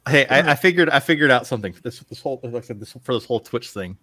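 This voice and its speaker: A man's voice: medium pitch, lively intonation, racing, bright, forceful tone, dry recording, clean studio sound. A man hosting a casual geeky podcast, upbeat and joking as he steers the chat with his co-hosts. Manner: upbeat, joking, drives the conversation. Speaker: podcast host.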